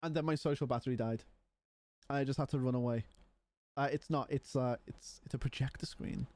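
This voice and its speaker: A man's voice: mid-range voice, brisk, darkish tone, no echo. A man livestreaming from home, chatting casually and rambling while yawning and tired. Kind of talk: casual stream chat.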